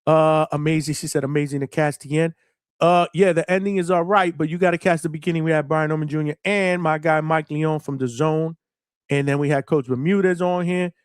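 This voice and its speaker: Male boxing livestream host, slightly raised pitch, dry sound, casual, slangy, shout-outs to chat. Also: steady tone, fairly quick, clear, resonant tone, no echo. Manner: laid-back, slangy, filler-heavy, shout-outs to viewers.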